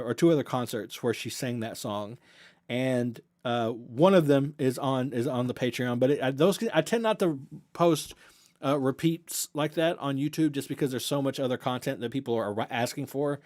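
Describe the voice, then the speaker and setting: A man's voice: medium pitch, a little mellow. Rambling Southern US man on a livestream. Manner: rambling, self-correcting, earnest and grateful. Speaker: reaction channel host. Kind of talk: casual livestream Q&A chat.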